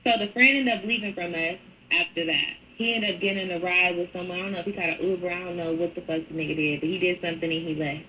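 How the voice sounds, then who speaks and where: A woman's voice: fairly low pitch, fast talker. A woman telling a story in casual storytime style, blunt and profane, acting out what people said. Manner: blunt, profane, animated retelling. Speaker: storyteller in a played clip. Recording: dull lo-fi clip with faint noise.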